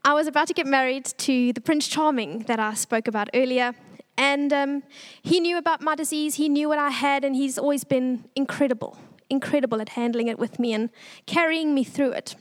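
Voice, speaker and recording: A young woman giving an earnest, tearful church testimony, pausing often. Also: high-pitched.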